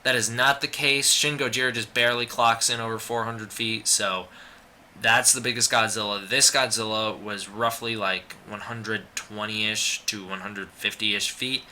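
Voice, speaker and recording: A man's voice: fairly low pitch, fairly even intonation, moderate pace, bright, forceful tone, slight background noise. A young man giving a casual spoken movie review, rambling with frequent restarts and fillers.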